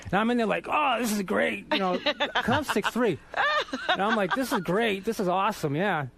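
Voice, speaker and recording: A man from Boston, a guest in a radio studio, telling profane, animated stories with laughter. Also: sits high, moderate pace, gravelly, noisy background. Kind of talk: casual storytelling interview.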